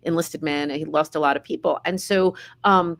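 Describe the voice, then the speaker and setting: A woman's voice: sits low, steady tone, moderate pace, creaky. A middle-aged woman, an author being interviewed, speaking in an earnest, reflective way. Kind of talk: casual conversational interview.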